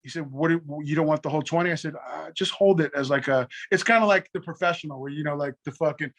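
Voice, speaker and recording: A man's voice: fairly high pitch, fairly bright tone. A middle-aged man telling a long, profane story in casual conversation, acting out both sides of phone calls. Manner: profane, rapid anecdotes with quoted back-and-forth. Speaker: guest.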